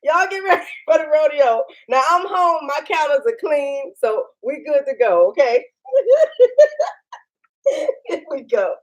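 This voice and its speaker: A woman hosting a casual live cooking demo from her home kitchen, chatty and excitable, laughing often and talking straight to her viewers. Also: high voice, measured pace, pauses often, a little hiss or hum, low-quality recording. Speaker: cooking channel host.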